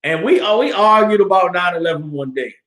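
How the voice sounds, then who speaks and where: A high-pitched man in his thirties tells stories to a class in a loose, colloquial way. He is animated and acts out the voices of the people in his stories. His voice carries a roomy echo. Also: brisk. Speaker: class speaker. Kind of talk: casual storytelling in a class.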